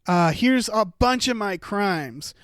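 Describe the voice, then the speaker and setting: A man's voice: sits high, animated, slow, fairly bright tone, dry recording, clean studio sound, exaggerated voice. A man voicing a corrupt, gloating cop who drawls out his smug bragging.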